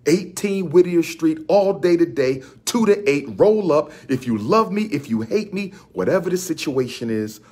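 Man from Philadelphia, husky voice, emphatic rally-style promo, repeats lines like a chant. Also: fairly high pitch, expressive, moderate pace, hardly any pauses, a little mellow. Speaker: activist promoting his own events. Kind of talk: rallying self-promotional announcement.

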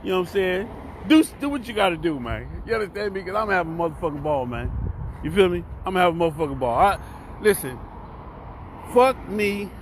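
Loud, profane fifty-one-year-old man with a Southern accent. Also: sits high, expressive, brisk, slight background noise. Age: 50s. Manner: loud, profane, swings between shouting and mumbling. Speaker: vlogger and podcast host. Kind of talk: casual rant to camera. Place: cheap hotel room near train tracks.

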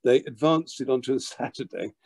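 An older man, telling a childhood story as an interview guest, lively and full of restarts and repeated words. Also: mid-range voice, fairly quick, creaky, slightly rough. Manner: animated, repeats words while acting out a story. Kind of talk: anecdotal storytelling.

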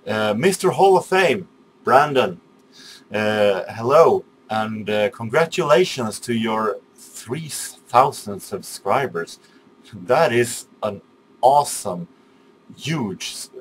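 Low-voiced man, halting speech. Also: a little hiss or hum. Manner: halting, many fillers and restarts; polite and apologetic. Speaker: YouTube channel owner. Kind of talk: casual video message.

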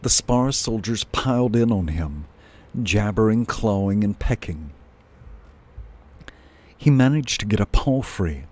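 A man reading a children's novel aloud in a slow, measured way, as a storyteller. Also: fairly low pitch.

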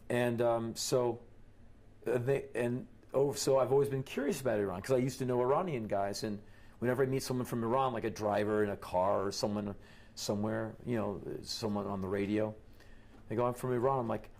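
A middle-aged man from the United States telling stories in an interview in an animated way, quoting the people he met. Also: mid-range voice, a little fast. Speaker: interview guest.

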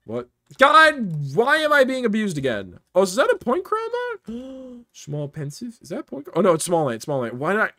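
A man's voice: high-pitched, huge pitch swings, moderate pace, bright, forceful tone, dry recording, clean studio sound. A man streaming a game live with viewers, joking and bantering playfully. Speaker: streamer playing games with viewers.

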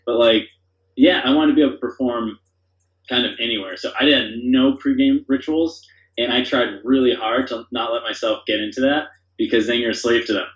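A man's voice: medium pitch, brisk. A man talks as a podcast guest, eager and rambling, piling up fillers as he goes. His voice sounds roomy and slightly dull, as if recorded in an echoey space on modest gear. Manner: enthusiastic, rambling with many fillers. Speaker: podcast guest, company founder. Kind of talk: casual conversation.

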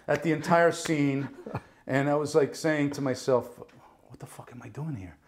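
A New Jersey man, a guest actor, shares stories from his acting career in a laid-back interview. His voice sits on the high side at a normal speed, and he's animated, mimicking other people's voices when quoting them and cursing casually.

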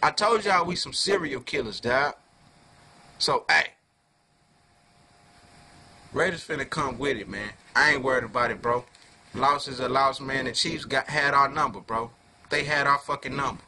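A man giving a heated fan rant to camera, full of profanity and street slang, dropping low then flaring into loud outbursts. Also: moderate pace, long pauses. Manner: profane slangy talk, keeps calling listeners "dog"; swings from low muttering to loud angry outbursts. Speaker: fan video reviewer.

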